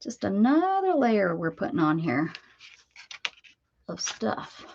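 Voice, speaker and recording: A woman from Pennsylvania, USA hosts a casual crafting livestream at home, chatty and laughing, cooing baby talk to her dog between crafting tips. Her mid-range voice is sing-song, slow, and darkish with vocal fry; the audio is dull with slight background noise.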